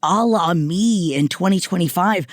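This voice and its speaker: A woman co-host works through her advice out loud, earnest and groping for the right words. The sound is dry and close. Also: fairly low pitch, unhurried, no echo. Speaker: podcast co-host giving advice. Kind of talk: casual podcast chat.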